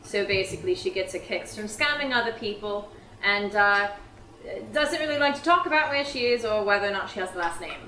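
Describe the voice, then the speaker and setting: A woman's voice: mid-range voice, animated, brisk, sharp tone. A woman introducing her tabletop character in a matter-of-fact way. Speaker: player. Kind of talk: casual chat. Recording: roomy echo with faint music.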